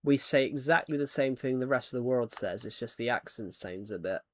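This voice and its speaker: Male streamer, casual rambling chat, mid-pitched, restarts often. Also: brisk. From United Kingdom. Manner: rambling, many false starts and restarts. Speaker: Minecraft streamer. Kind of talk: casual chat while gaming.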